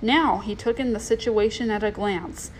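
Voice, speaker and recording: A woman narrating a children's storybook aloud with steady, expressive delivery. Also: mid-range voice, normal speed, a little hiss or hum, poor audio.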